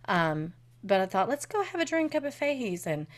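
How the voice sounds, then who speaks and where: A woman co-hosting a podcast in casual chat, animated, swearing freely and laughing often. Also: medium pitch, normal speed. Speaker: podcast co-host.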